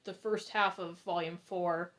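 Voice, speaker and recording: A woman's voice: lowish voice, steady tone, a little slow, fairly bright tone. Rambling woman chatting on a call. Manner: rambling, hesitant restarts, laughs easily. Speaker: book club co-host. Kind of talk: casual chat.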